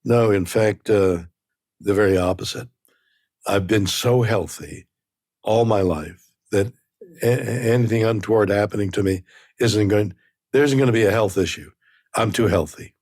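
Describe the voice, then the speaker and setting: A man in his nineties from Canada, a guest in a casual interview, talking haltingly and repeating words as he searches for phrasing. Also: fairly low pitch, darkish tone, no echo, studio quality. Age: 90s.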